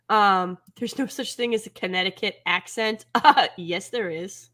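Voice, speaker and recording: Bright, bubbly woman podcast host. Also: a little slow, hardly any pauses. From American Midwest. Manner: bubbly, laughs often, voices swing high. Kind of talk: casual chat.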